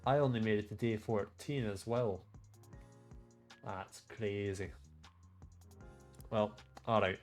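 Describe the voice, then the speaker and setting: A man streaming a game, reading its text aloud and chatting casually in a relaxed, trailing-off way. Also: fairly low pitch, slow, pauses often, soft background music.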